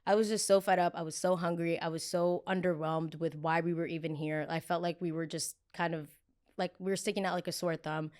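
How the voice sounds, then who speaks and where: A woman's voice: lowish voice, fairly quick. A young woman hosting a podcast, telling a story casually and acting out the people in it with exaggerated voices. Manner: animated, acts out quotes in exaggerated voices. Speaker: podcast host.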